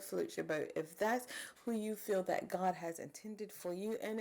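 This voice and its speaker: A woman in her forties reacting on camera, chatty and animated. Her voice sits fairly low and has a gravelly, creaky edge. She keeps addressing her viewers directly. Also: moderate pace. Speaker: reaction commentator. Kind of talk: reaction commentary.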